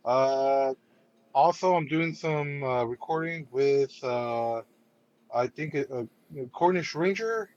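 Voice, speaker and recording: A man's voice: medium pitch, slow pace, darkish tone, muffled recording. A man joining a podcast as a guest, talking hesitantly with many "uh"s. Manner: hesitant, many filler sounds. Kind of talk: casual chat.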